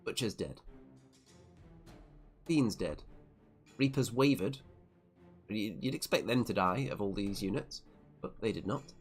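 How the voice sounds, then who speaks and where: A man with a somewhat low voice talks through a tabletop wargame battle report, move by move. His manner is wry and self-deprecating as he sums up each turn. Soft music plays faintly underneath. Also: lively intonation, measured pace, long pauses. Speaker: tabletop wargame channel host. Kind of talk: narrated tournament battle report.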